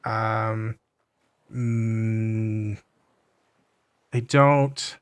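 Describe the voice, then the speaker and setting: A man narrating a tabletop game as game master, halting with fillers and restarts. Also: lowish voice, fairly even intonation, clean tone.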